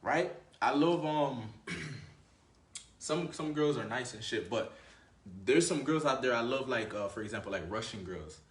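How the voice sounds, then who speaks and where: A man's voice: mid-range voice, expressive, unhurried, reverberant. A man giving blunt, profane dating advice in a casual monologue, with a swaggering manner and lots of filler words. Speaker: dating coach.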